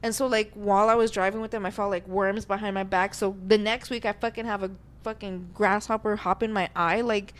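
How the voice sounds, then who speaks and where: A young woman with a medium-pitched voice rattles through a story on her podcast at a brisk clip, barely pausing. Swearing freely, she animatedly acts out the things people said.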